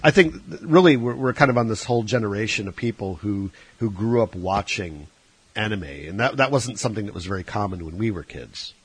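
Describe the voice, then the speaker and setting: A radio host with a fairly low, slightly rough voice talks fairly quickly with lively intonation. He jokes around in a put-on Irish accent while taking calls, keeping the chat casual.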